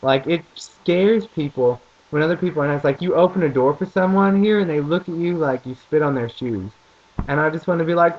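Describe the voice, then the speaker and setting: A man's voice: on the high side, fairly quick. Rambling young man with a Southern lilt. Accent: mild Southern US. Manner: rambling, joking, a bit crude. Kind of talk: casual vlog monologue. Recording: dull lo-fi recording.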